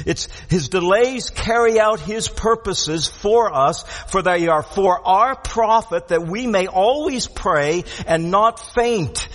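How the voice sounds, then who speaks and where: A man's voice: high-pitched, a bit bright. A man preaching a sermon, earnest and repetitive, asking rhetorical questions and pressing each point home. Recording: long hall reverb.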